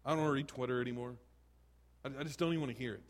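A man preaching a sermon as a pastor, conversational and animated, full of rhetorical questions and asides. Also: mid-range voice, racing, big-room sound, slight background noise.

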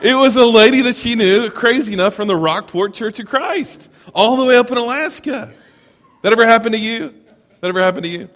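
Animated preacher in a reverberant hall. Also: male voice, extremely high pitch, fairly quick, few pauses. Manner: animated, chuckling asides, asks the congregation questions. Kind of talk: storytelling sermon. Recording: long reverb of a large hall.

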